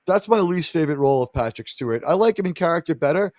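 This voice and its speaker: High-voiced rambling talk show host man. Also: expressive, fast talker, a little mellow, no echo, clean studio sound. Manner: rambling, jokey, laughs often. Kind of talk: casual panel talk show chat.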